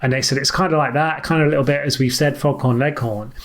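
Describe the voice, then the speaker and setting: A man's voice: mid-range voice, fairly even intonation, fast talker, a bit bright. A man co-hosting a casual film podcast, chatty and informative, with many filler words. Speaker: podcast co-host.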